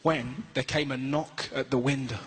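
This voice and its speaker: A British man doing stand-up storytelling, animated and acting out quoted voices. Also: medium pitch, moderate pace, heavy background noise. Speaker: stand-up comedian. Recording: loud live-audience ambience, played clip. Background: audience laughter.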